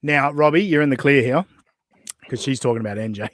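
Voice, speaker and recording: A man's voice: medium pitch, fairly quick, fairly bright tone, no room sound. A man hosting a podcast, mocking and profane as he reacts to clips in casual chat. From Australia. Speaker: podcast host.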